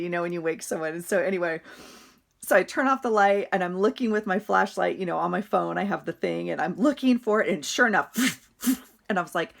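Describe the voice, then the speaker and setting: With a lowish, gravelly voice and a brisk pace, this middle-aged vlogger rambles through her week. It's a laid-back journal walkthrough, punctuated by frequent laughter.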